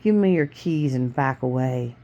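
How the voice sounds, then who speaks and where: A woman reading a book aloud, voicing a nervous male mugger in a low, gruff, threatening voice. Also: lively intonation, a little slow, mellow, highs cut off, full character voice.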